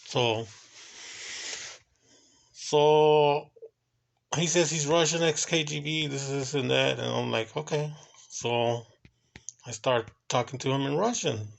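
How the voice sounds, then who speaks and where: Guy with a gravelly voice telling a story from his hotel security job, swears a lot, gets fired up. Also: medium pitch. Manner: excitable and profane, breaks into quoted exclamations; talks in loose, halting runs with many fillers. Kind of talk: casual storytelling.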